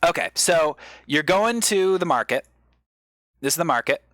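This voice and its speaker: A male comedian on a live stream, giving an improvised mock lecture as a rambling explainer with sudden excited bursts. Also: fairly high pitch, moderate pace, dry recording.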